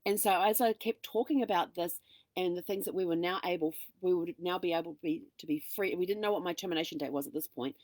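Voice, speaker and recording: A middle-aged woman hosting a show, telling a personal story in a casual monologue and acting out the dialogue with lively energy. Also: fairly low pitch, fast talker, no echo. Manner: animated, acts out quoted dialogue. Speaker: host.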